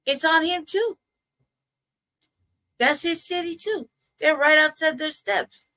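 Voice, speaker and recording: A woman's voice: high voice, slow, sharp tone. A woman with a Southern US accent, speaking bluntly and casually with some profanity as a co-host. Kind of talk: casual chat.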